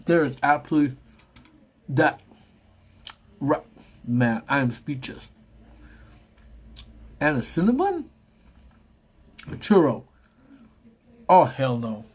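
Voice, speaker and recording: A man hosting a casual live chat on his lunch break, telling stories with big swings from low mutters to high exclamations. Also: very animated, takes it slowly, long pauses, slightly rough, poor audio. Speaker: live stream host. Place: parked car on a lunch break.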